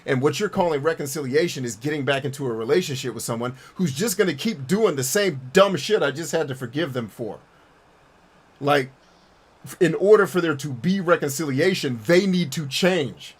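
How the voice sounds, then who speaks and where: A man's voice: a little high, animated, moderate pace, husky. A man streaming a game and answering his chat in a blunt, profane, rambling way, often restarting his sentences. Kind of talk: casual chat while gaming.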